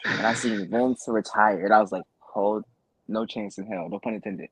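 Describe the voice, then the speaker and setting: A man co-hosting a podcast, telling a story in a low-key way in casual chat. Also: very animated, moderate pace, gravelly, breathy edge, no room sound, rough recording. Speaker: podcast co-host.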